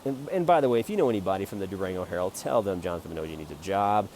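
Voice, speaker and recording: A man rambling jokingly about his photo prints in a self-promoting monologue, jumping between loud bursts and quiet mutters. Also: sits low, animated, rapid-fire, slight background noise. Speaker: amateur photographer selling prints.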